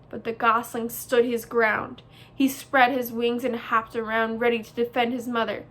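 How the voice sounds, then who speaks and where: A woman reading a children's novel aloud as host, with expressive storybook narration. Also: on the high side, a little slow.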